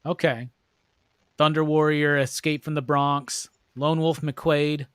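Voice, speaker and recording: A man's voice: a little high, level tone, slow pace, a bit bright, clean tone, dry recording, clean studio sound. A man hosting a casual movie review chat, loose and profane, acting out lines in joking voices. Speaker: host.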